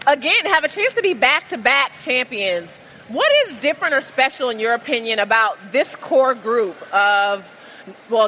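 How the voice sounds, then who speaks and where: A woman hosts a live podcast in front of an audience, upbeat and enthusiastic. Her voice sits high and sounds bright. A faint murmur of the venue lingers in the background. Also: a little hiss or hum. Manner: lively, enthusiastic. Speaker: podcast host.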